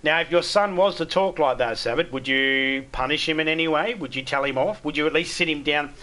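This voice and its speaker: A man's voice: a little high, fairly quick, bright, forceful tone. A middle-aged Australian man chatting bluntly with viewers on a live game stream, swearing freely and stumbling over restarts. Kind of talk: casual live-stream chat.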